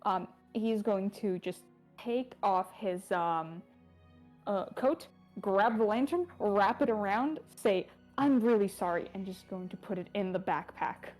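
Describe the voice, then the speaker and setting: A woman playing a tabletop game who describes her character's actions in a hesitant, halting way. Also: medium pitch, darkish tone, soft background music. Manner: hesitant, halting, many likes and uhs.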